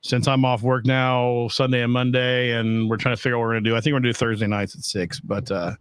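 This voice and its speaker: A man's voice: medium pitch, level tone, fast, clear, resonant tone, no echo. A middle-aged man hosting a casual home podcast, talking bluntly with a lot of profanity and rambling asides. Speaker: podcast host. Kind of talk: casual chat.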